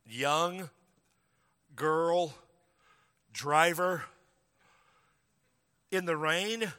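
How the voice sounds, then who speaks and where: A man's voice: on the high side, normal speed, pushed and bright. A male pastor preaching a storytelling sermon, conversational and humorous, then rising to emphatic preaching. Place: church sanctuary. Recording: long reverb of a large hall.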